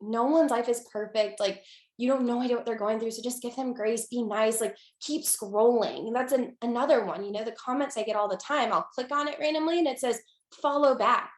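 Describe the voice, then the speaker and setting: A young woman talking casually as an interview guest, with lots of fillers and restarts, getting lively when she quotes people. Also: on the high side, brisk, roomy sound.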